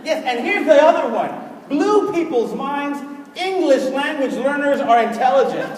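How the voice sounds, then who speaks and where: A man whose first language is Spanish, giving a humorous motivational keynote, animated and switching between English and Spanish. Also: very high-pitched, normal speed. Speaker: keynote speaker. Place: large conference hall. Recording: echoey hall from far off, loud crowd. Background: audience laughter and noise.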